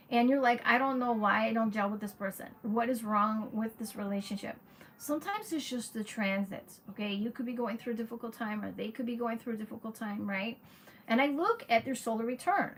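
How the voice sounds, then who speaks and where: A woman's voice: a little high, rough recording. A woman astrologer chatting casually on a livestream, frank and talkative, answering viewers by name. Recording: steady background noise.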